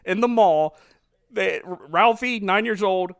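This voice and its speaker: A man's voice: high-pitched, unhurried, clean tone, dry recording, clean studio sound. A man who is a father, chatting casually and animatedly as he recaps a movie's plot, laughing often. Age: adult father. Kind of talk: casual chat retelling a movie.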